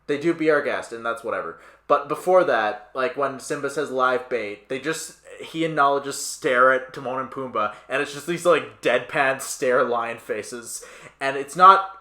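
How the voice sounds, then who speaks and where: A young man co-hosting a podcast, rambling through film opinions with fillers, quick asides and easy laughs. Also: mid-range voice, pushed and bright. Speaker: podcast co-host. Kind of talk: casual film review chat. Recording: roomy echo.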